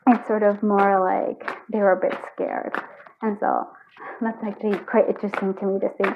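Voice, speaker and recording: A woman's voice: medium pitch, little pitch movement, normal speed, a little hiss or hum. A woman giving a casual pick-a-card tarot reading from home, talking in a rambling, chatty way full of fillers. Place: at home with her cats. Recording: thin, phone-like sound.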